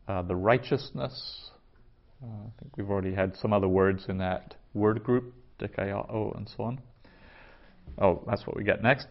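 A man teaching a Greek vocabulary lesson, saying each word slowly and twice, then explaining it. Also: fairly low pitch, creaky. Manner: slow, careful pronunciation with repetition. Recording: dull lo-fi recording.

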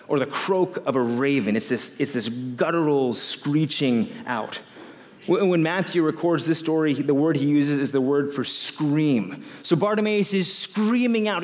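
A man preaching a sermon as a pastor, in an animated way, often repeating phrases. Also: on the high side, in a large hall.

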